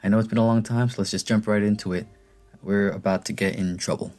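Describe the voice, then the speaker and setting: A man's voice: on the low side, steady tone, fast, a little mellow, faint music behind. Chatty man reading a game aloud. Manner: chatty asides, frequent laughs. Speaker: let's play narrator. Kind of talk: reading a visual novel aloud with commentary.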